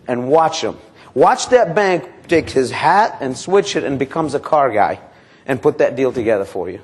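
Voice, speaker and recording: A man's voice: moderate pace, breathy edge. A man leading a live sales training seminar, quizzing his audience and acting out sample calls to customers and banks. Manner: energetic, quizzes the audience with questions; acts out sample phone calls and pitches.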